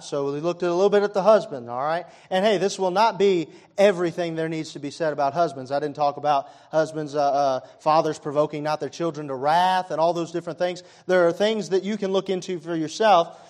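A man preaching with a lilt, his voice sitting somewhat high for a man. He talks to the congregation in a loose, conversational way, full of little fillers, then pushes up into loud, emphatic bursts. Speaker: pastor. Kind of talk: sermon.

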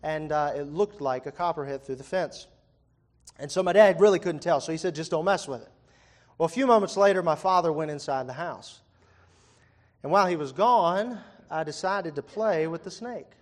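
A man's voice: fairly high pitch, normal speed. A young man preaching a sermon, chatty and conversational, asking the congregation questions with wry asides. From Virginia. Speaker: pastor. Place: church hall before a congregation.

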